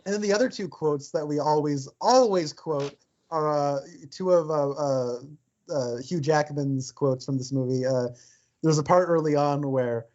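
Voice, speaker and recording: A man's voice: fairly high pitch, unhurried, darkish tone. A man co-hosting a podcast, chatting about a film full of fillers and quoting favourite lines. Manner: chatty, quotes lines in silly voices, filler-heavy. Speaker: podcast co-host. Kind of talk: casual film discussion. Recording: dull lo-fi sound.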